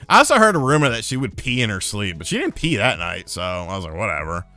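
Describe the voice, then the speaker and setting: A man casually telling a profane story on a live stream, getting loud and heated when he retells a fight. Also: medium pitch, very animated, fast, soft background music. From lived in North Carolina.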